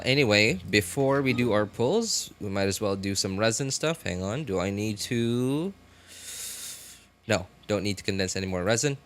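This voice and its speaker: A man's voice: lowish voice, a bit bright, a little hiss or hum. A man live-streaming a game, chatting casually with his viewers, often laughing and talking straight to chat. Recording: faint music behind.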